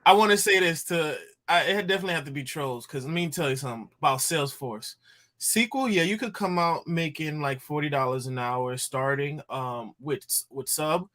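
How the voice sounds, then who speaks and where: A man's voice: fairly high pitch, normal speed, fairly bright tone. A man on a live audio panel, speaking earnestly in support of a friend. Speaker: panel guest. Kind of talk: casual live audio chat.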